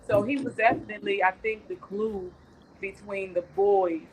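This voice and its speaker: A woman's voice: mid-range voice, steady tone, moderate pace, poor audio. Woman aunt, casual rambling recollection, video call, faint background noise. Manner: chatty, rambling, tender storytelling. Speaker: guest, aunt of the deceased. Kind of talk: casual remembrance on a talk show.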